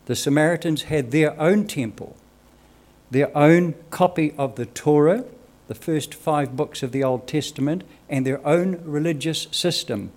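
A man preaching a church sermon, reading Scripture aloud in a measured, earnest way. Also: fairly high pitch, darkish tone. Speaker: lay preacher.

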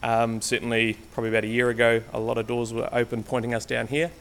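A man's voice: medium pitch, little pitch movement, fast, vocal fry, fairly bright tone. Chatty New man preaching in church. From Canterbury, New Zealand. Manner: chatty, hesitant, with many ums and restarts. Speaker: guest lay preacher. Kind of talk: informal church talk to a congregation. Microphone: stage microphone, sometimes walking away from it.

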